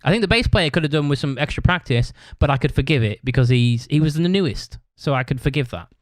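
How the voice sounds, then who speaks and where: A man's voice: a little high, animated, fast, no echo. A man hosting a podcast, rambling through a story in casual chat, swearing constantly. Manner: acts out other people's shouted lines. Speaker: podcast host.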